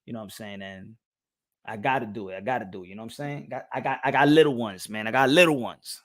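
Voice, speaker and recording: A young adult man hosts a casual boxing live stream, slangy and animated as he switches between English and Spanish. He jumps quickly into high, excited bursts.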